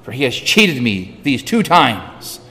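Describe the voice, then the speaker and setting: A man voicing a cheated grown son who cries out in high pleas, heard with a long hall reverb. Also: big pitch swings, takes it slowly, pushed and bright, full character voice. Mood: bitter. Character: wronged grown son, bitter and pleading.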